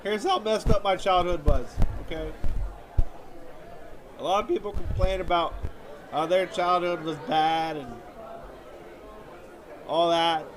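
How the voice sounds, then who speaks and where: Stand-up comic, male, high and slow, moping delivery, live crowd laughing over noise. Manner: whiny, self-pitying storytelling. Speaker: stand-up comedian. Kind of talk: stand-up comedy monologue. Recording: audience laughter and background noise.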